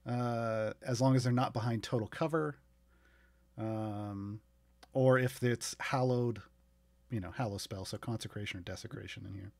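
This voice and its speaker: A man playing in a tabletop role-playing game, describing his character's actions in an animated way. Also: lowish voice, moderate pace, vocal fry, no room sound. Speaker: player. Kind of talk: casual tabletop role-play.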